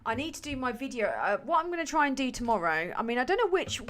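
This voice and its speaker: A woman's voice: sits high, very animated, quick pace, a bit bright. A woman hosting a livestream, chatting casually about politics in a sweary, rambling, sardonic way full of fillers. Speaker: livestream host.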